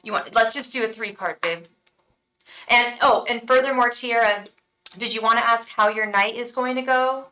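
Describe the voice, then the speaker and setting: A young woman with a bright, sharp-edged voice chats her way through a live tarot reading. She gushes, stumbles over ums and restarts, and drops to a hushed tone to repeat her incantations. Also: on the high side, moderate pace, poor audio. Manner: chatty and effusive, lots of ums and restarts. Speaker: tarot reader and psychic.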